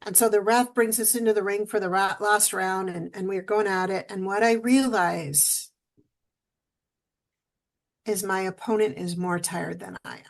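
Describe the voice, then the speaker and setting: A woman telling a personal story as a guest in an interview, animated and quoting herself and others as she goes, emotional at times. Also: medium pitch, normal speed, vocal fry. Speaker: guest speaker.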